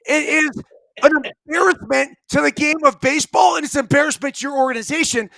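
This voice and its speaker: A man's voice: extremely high pitch, quick pace, vocal fry, sharp tone, low-quality recording. A middle-aged man and former ballplayer co-hosting a sports talk show, ranting emphatically and swearing a lot. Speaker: podcast co-host, former ballplayer.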